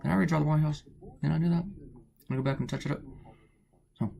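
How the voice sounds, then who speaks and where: A man's voice: on the high side, steady tone, fast, creaky, highs cut off. A man chatting casually and rambling, self-deprecating and filler-heavy, as he draws and colors a cartoon at home early in the morning, keeping his voice down. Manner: quiet to avoid waking people. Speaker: cartoonist narrating his drawing. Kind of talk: casual rambling commentary while drawing.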